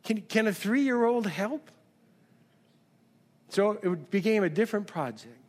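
A middle-aged man preaching a sermon as pastor, calling out questions to the congregation and building to shouts. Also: sits high, animated, a little slow. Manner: call-and-response preaching, rises to shouts. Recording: long hall reverb.

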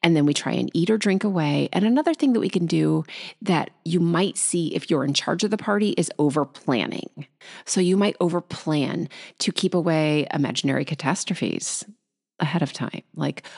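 A woman hosting a solo podcast about anxiety, talking quickly and acting out anxious inner thoughts. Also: sits low, creaky, a little mellow. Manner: fast, tumbling, acts out anxious inner voices. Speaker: podcast host.

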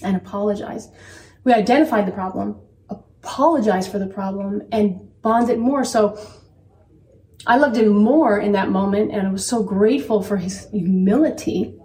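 A mother telling candid stories about parenting in an earnest, animated way as a guest. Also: medium pitch, normal speed, recorded from a distance. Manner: earnest, animated, quotes herself. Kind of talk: candid conversational storytelling. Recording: echoey room, voice from off-mic.

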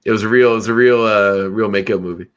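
A man co-hosting a casual podcast chat, tossing out quick guesses and grumbling playfully. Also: fairly low pitch, fairly even intonation, clear, resonant tone. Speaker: podcast co-host.

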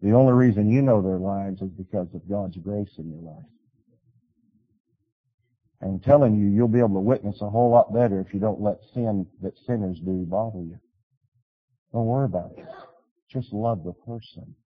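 A man preaching a sermon, telling stories and urging his listeners, swinging from loud appeals to quiet pleas. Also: lowish voice, normal speed, pauses often, big-room sound, phone-quality sound. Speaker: pastor.

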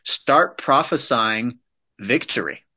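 A man's voice: mid-range voice, animated, slow, sharp tone. A man giving a motivational talk, emphatic and punchy, hammering points home with repeated phrases. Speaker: motivational speaker.

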